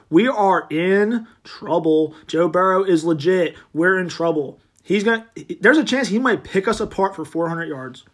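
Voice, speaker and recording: A man hosting a solo sports podcast, angry and profane, swinging between loud outbursts and low, deflated muttering.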